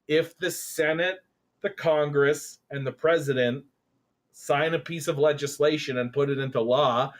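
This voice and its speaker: A man's voice: a little high, fairly even intonation, measured pace. A man from Canada hosting casual political commentary, rambling with lots of fillers and breaking into sarcastic jeers.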